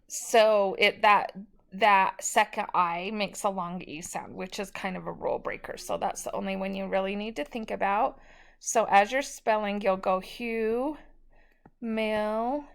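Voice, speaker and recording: A woman's voice: mid-range voice, creaky. A woman teacher giving a recorded spelling lesson, patiently sounding out each word syllable by syllable.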